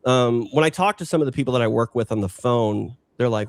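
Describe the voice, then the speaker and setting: A man with a faint Minnesota accent talks as a podcast guest, keeping his voice easy and unprojected instead of using a broadcast delivery. His voice sits at an ordinary middle pitch. The recording is dry and close, with no room sound. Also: a little fast, no room sound. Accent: slight Minnesota. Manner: low-key, unprojected everyday talk. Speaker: combat sports announcer, podcast guest. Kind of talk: casual interview chat.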